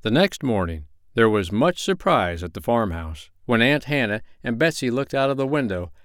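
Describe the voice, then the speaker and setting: A man narrating a storybook in a measured, expressive way. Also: mid-range voice, no echo, clean studio sound. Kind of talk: storybook reading.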